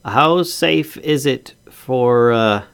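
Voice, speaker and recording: A man's voice: medium pitch, very slow, vocal fry, fairly bright tone, smooth. A man playing in a tabletop game, chatty, laughing easily and asking lots of questions. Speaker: player. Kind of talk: casual tabletop role-play.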